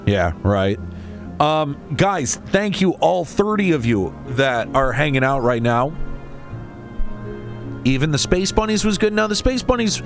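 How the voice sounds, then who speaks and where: A man's voice: on the high side, sing-song, measured pace. A man streaming a game, chatting casually with stammered restarts and casual swearing. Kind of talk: casual live-stream chat. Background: game music.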